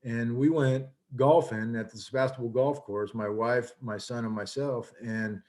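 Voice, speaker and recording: A man's voice: mid-range voice, fairly even intonation, measured pace, darkish tone. A man in his fifties, a coach giving a casual lecture over a video call, talking earnestly with many fillers and restarts.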